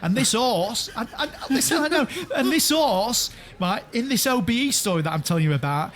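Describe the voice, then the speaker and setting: A man's voice: very high-pitched, animated, moderate pace, fairly bright tone. A man telling a rambling story among old friends on a podcast, laughing and restarting as he goes.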